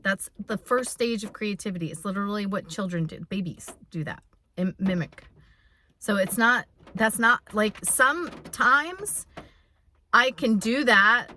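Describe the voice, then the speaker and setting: A woman's voice: mid-range voice, expressive, unhurried, pushed and bright, slight background noise. A woman in her fifties talking through an unscripted personal vlog, rambling and heartfelt with many restarts, close to tears. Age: 50s. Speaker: vlogger. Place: in her truck on a rainy day.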